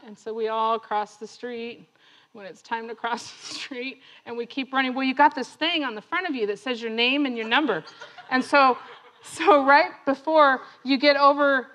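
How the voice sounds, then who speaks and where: A woman telling a personal story that turns into a lesson, laughing often and acting out other people's lines. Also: high voice. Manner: laughing often, animated retelling; acts out other voices in her story. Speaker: speaker sharing a testimony.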